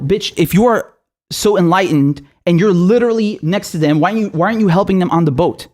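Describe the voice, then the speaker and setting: A man's voice: sits high, fast, a little mellow. A young man hosting his own political commentary show, delivering a furious, profane and accusatory rant.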